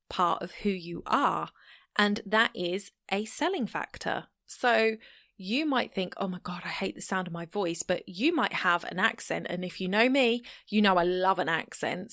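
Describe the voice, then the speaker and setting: A woman with a fairly low, creaky, slightly bright voice hosts a solo advice podcast, addressing the listener directly in a chatty, encouraging way. The studio-quality recording has no echo.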